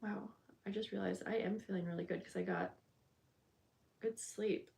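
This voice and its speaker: A woman of medium pitch talks casually on a live craft stream while binding a journal in her home studio. She greets viewers by name between steps and thinks aloud in a chatty, scattered way as she works. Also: steady tone, normal speed, creaky, darkish tone. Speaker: bookbinding crafter hosting a livestream.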